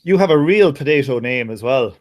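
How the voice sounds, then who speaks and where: A man's voice: mid-range voice, expressive, a little fast. A man with an Irish accent chatting casually, rambling with many restarts and frequent laughs. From Ireland. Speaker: conversation partner. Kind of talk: casual chat.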